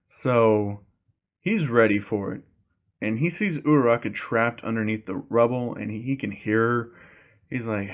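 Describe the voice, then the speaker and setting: A man's voice: mid-range voice, a little slow, dull audio. A man casually retelling a fan story, rambling with lots of fillers.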